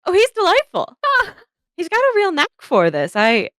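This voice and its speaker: A woman putting on a gushing, high-voiced society lady. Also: wildly swooping pitch, normal speed, a bit bright, dry recording, studio quality, exaggerated voice. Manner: gushing, breathy high exclamations. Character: bubbly upper-class lady painter, gushing.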